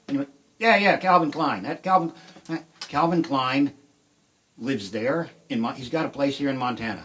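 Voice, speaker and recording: A middle-aged man doing rambling, deadpan stand-up storytelling on a live stream from his shed, with sudden shouted outbursts. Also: a little high, moderate pace, slight background noise. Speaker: comedian and musician. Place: home shed.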